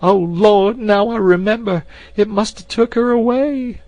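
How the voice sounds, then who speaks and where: A man voicing a terrified, wailing woman servant in a shrill falsetto for an audiobook. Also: expressive, slow, gravelly, a little mellow, dry recording, lo-fi sound, full character voice. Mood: wailing terror. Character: frightened plump maid, woman, wailing and easily terrified.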